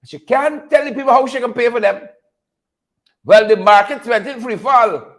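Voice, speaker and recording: A Guyanese man hosts a loose political talk show, his voice pitched very high for a man. He talks in repetitive, chuckling riffs and keeps calling out his viewers by name. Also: normal speed, a bit bright. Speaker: host of a political commentary show. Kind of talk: casual live commentary reading viewer names.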